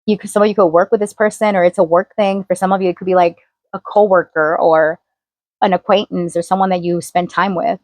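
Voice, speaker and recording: A woman's voice: lowish voice, steady tone, a little fast, no echo. A woman tarot reader talking casually straight to her viewers, chatty and loose, full of fillers as she reads the cards. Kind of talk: casual tarot reading to camera.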